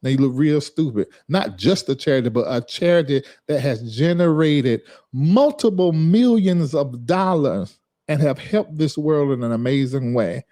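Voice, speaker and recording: A man's voice: a little high, expressive, normal speed, dark tone. A man, talking casually on a livestream. He reads viewer comments aloud and scolds a commenter with sass and a drawling rhythm. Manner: sassy, scolding, reading chat aloud. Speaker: livestream host.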